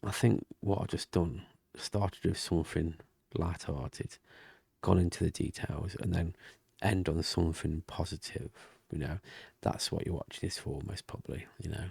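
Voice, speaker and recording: Quiet low-voiced man, gravelly diary talk. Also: steady tone, moderate pace, few pauses, dry recording. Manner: quiet, rambling, often half-whispered talk. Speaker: vlogger. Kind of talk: casual diary vlog. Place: home room with thin walls. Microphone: desk mic and webcam.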